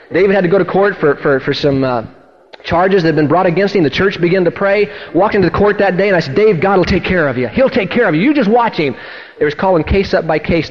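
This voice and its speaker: Male pastor, high and fast-talking, telling sermon stories live, acting out every voice, dull lo-fi tape. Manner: animated storyteller acting out dialogue, swinging from loud to hushed. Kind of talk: sermon testimony storytelling. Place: church service.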